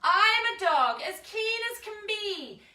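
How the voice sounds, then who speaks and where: Eager, polite storybook dog, put on by a woman, high and bouncy, recorded in an echoey room from a distance. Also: sing-song, measured pace, bright, forceful tone, exaggerated voice.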